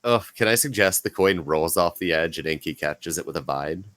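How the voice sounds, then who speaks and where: A man running a tabletop game as game master, checking in with the players through quick clarifying questions. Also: deep voice, lively intonation, fairly bright tone, dry recording.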